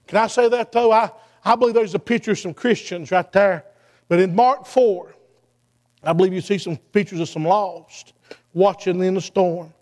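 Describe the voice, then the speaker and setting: A male preacher delivers his sermon in a very high voice. He rides a chanting cadence, punctuating nearly every phrase with "uh, hey." His exhortations climb toward shouts. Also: normal speed.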